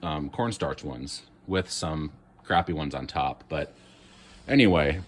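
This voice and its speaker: A man's voice: a bass voice, expressive, takes it slowly, slight background noise. A man in a cold garage, rambling casually through an unboxing with joking asides. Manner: chatty and rambling, self-mocking asides. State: cold, shivering. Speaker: online reseller.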